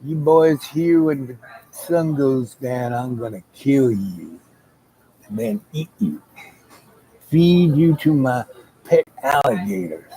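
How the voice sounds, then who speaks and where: A menacing, toothless backwoods brute voiced by a man drags out every threat at a crawl. His voice sits in an ordinary middle register, then leaps up into a shrill cackle. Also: very animated, gravelly, warm tone, exaggerated voice, rough recording. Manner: slow, drawn-out threats ending in a high cackle.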